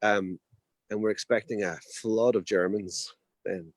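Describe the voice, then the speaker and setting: A man's voice: on the low side, fairly even intonation, a little slow, no room sound. A man, a hotel owner in the Alps, chatting as a guest on a video call, rambling and correcting himself as he tells his story. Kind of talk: casual video chat.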